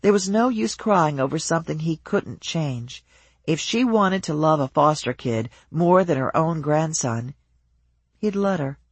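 Husky, dry audiobook narrator. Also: medium pitch, dry recording. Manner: even, measured storytelling.

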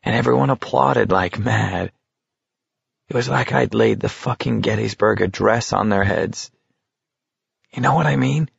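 A man reading as a frightened teenage boy, gravelly and panicky. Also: lowish voice, unhurried, pauses often, no room sound, muffled recording, exaggerated voice. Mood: bitter reminiscing. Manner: panicky, rising to shouts. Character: frightened teenage boy on a deadly long walk.

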